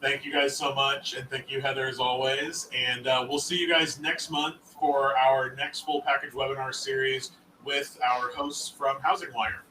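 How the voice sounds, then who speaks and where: Bright-voiced man hosting a webinar. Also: mid-range voice, little pitch movement, normal speed, hardly any pauses, roomy sound, recorded from a distance, slight background noise, poor audio. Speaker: webinar host. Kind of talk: casual webinar sign-off.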